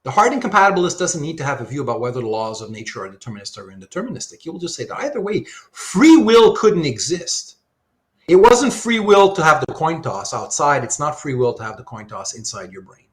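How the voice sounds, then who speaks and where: A man's voice: on the high side, very animated, quick pace. A man giving a live online philosophy lecture, thinking aloud with lots of rhetorical questions while he sketches diagrams.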